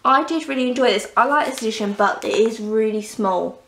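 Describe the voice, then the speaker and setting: A woman's voice: fairly high pitch, fairly quick, fairly bright tone, roomy sound, slight background noise. A young woman chatting enthusiastically on a casual book review vlog, gushing about the books she has read, recorded at home. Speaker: book vlogger. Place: indoors at home, under a blanket.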